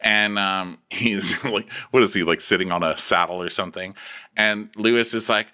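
A man co-hosting a comedic TV recap podcast, telling the story animatedly with quick laughs. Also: fairly low pitch, steady tone, bright, forceful tone. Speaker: podcast co-host.

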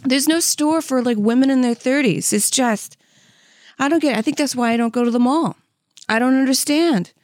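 A woman's voice: sits high, normal speed, no room sound, studio quality. A woman in her thirties on a comedy podcast, rambling candidly and mocking herself, with lots of "like" and "you know what I mean.". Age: 30s. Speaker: podcast host. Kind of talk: comedic monologue.

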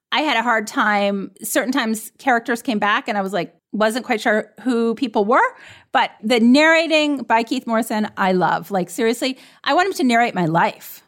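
A woman co-hosting a podcast review, talking enthusiastically and rambling with small giggles. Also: a little high. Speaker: podcast co-host. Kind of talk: casual review chat.

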